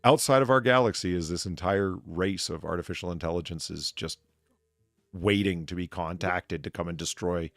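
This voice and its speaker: A man's voice: low voice, normal speed, gravelly, a bit bright, dry recording, studio quality. A man in casual chat, ranting and swearing as he rambles through restarts. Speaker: podcast co-host.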